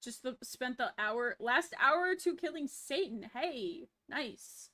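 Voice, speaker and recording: A woman's voice: high-pitched, lively intonation, takes it slowly, bright, forceful tone. A woman streamer chatting casually with her viewers, laid-back and swearing freely. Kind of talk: casual livestream chat.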